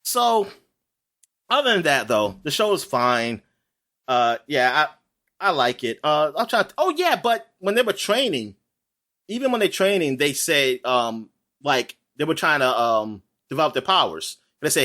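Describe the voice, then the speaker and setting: Animated, rambling man chatting on a podcast. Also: a little high. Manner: rambling, animated, laughs often, quick asides. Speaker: podcast co-host. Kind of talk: casual chat.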